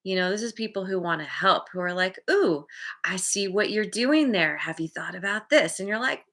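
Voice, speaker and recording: A woman giving a relaxed tarot reading to her viewers, talking in a loose, chatty way and laughing often. Her voice is bright and clear, and she slips into lively little voices when she acts out how people react. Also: mid-range voice, a little fast. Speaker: tarot reader. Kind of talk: casual spoken tarot reading.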